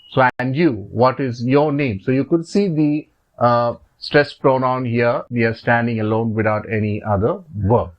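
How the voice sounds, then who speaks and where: A man with an Indian English accent works through a French grammar lesson at a steady, middling pitch. He is patient, repeats each point and fills pauses with "uh" and "so". The recording sounds a little dull and lo-fi. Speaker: French teacher. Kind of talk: explaining grammar over slides.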